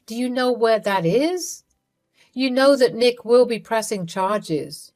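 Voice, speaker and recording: A woman's voice: fairly high pitch, expressive, slow pace, a little mellow. Woman narrating a first-person story.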